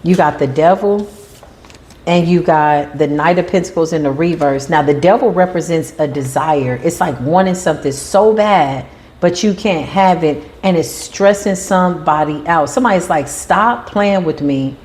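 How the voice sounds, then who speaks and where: A woman with a slightly low-pitched voice talks through a tarot spread. Her delivery is animated and emphatic, and she slips into quoted voices to act people out. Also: moderate pace. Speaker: tarot reader. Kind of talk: tarot reading monologue.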